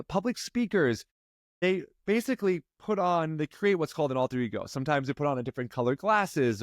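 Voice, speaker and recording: A man coaching a client, emphatic and pushing, then slowing into calm guided breathing. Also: a little high, no echo, studio quality. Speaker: life coach. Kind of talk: coaching session.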